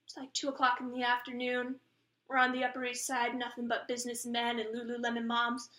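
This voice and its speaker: Bright, high-voiced twenty-year-old woman. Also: monotone, fairly quick, reverberant. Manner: candid, self-deprecating, blunt. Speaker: actress auditioning. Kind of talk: improvised comic self-tape monologue. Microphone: camera mic of a self-tape.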